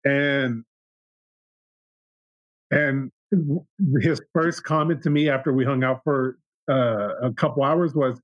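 A man's voice: mid-range voice, steady tone, takes it slowly, long pauses, no room sound, lo-fi sound. Reflective young man, dry close sound. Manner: reflective, with restarts and retold dialogue. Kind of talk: casual podcast conversation.

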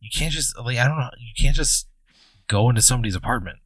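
A man's voice: mid-range voice, expressive, fairly bright tone, husky, dry recording. A man co-hosting a podcast who plays along with a comic story and answers in blunt, indignant bursts. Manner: blunt, indignant replies with quick reactions. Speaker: podcast co-host. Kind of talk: comic improvised banter.

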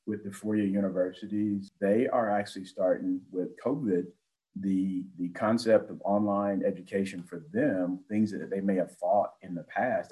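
A man from a community college on a podcast panel, speaking in a measured, explanatory way with occasional fillers. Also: low-pitched, warm tone, rough recording. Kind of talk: podcast discussion.

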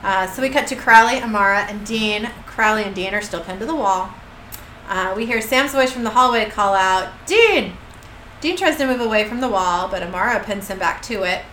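A woman's voice: mid-range voice, brisk, fairly bright tone. A woman co-hosting a podcast who reads out an episode recap in casual chat, with many fillers and asides. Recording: echoey room with faint hiss.

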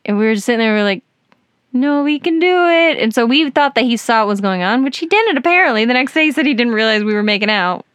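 Give me a woman podcaster telling a story in an animated, giggly way, recorded close and dry. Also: fairly high pitch, racing, hardly any pauses, smooth, dry recording. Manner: animated, giggly, lots of fillers. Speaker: podcast host. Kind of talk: casual storytelling chat.

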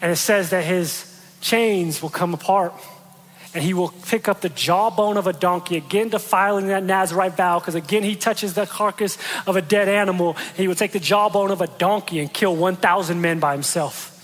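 Male preacher, high voice, animated storyteller who acts out the quotes; long hall reverb. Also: moderate pace. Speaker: pastor. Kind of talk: sermon.

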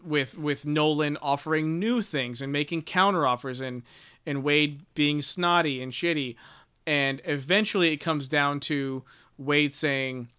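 A man's voice: a little high, unhurried, pushed and bright, clean tone. A man co-hosting a casual book podcast, summarizing a chapter in a rambling, profane way with lots of fillers. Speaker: podcast co-host.

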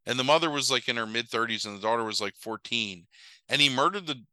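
A man's voice: medium pitch, fast talker, smooth, no room sound, rough recording. A man in casual chat, rambling and swearing as he retells a film plot. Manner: rambling, profane, animated retelling with quoted voices. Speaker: podcast co-host recapping a movie.

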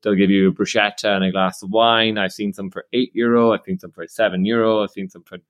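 A man's voice: lowish voice, fairly even intonation, fast, highs cut off. A young Irish man co-hosting a casual travel podcast, chatty and teasing, laughing often. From Ireland. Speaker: podcast co-host. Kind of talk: casual chat.

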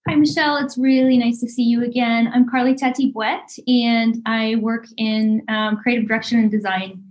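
A woman's voice: fairly high pitch, steady tone, moderate pace, a little mellow, highs cut off. A woman guest on a video call explaining design work in polished corporate language. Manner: corporate, buzzword-heavy.

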